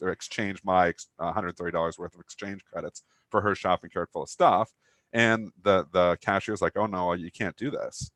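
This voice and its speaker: A man with a low-sitting but fairly bright voice co-hosts a live trading talk show, telling a long, rambling anecdote packed with fillers. The audio has no echo.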